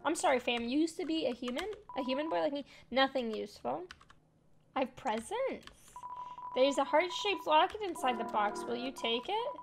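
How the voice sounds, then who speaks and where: A woman's voice: high voice, animated, measured pace, vocal fry. A woman hosting a let's play, chatting casually and playfully while reading game text aloud over game music. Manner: playful, reads game text aloud, calls viewers fam. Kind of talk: casual gaming commentary.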